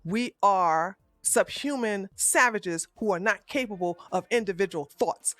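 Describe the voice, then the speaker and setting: A woman's voice: medium pitch, unhurried, hardly any pauses, fairly bright tone, dry recording, faint music behind. A woman streamer giving heated live-stream commentary in a profane, fiery rant, recorded at a home streaming setup.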